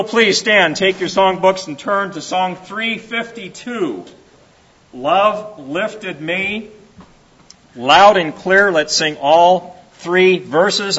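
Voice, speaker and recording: A man with a bright, husky, rather high voice leads a church service, talking slowly in a folksy, encouraging way. The recording is dull and lo-fi, with faint music underneath. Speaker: song leader in a church service. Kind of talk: informal sermon and song introduction.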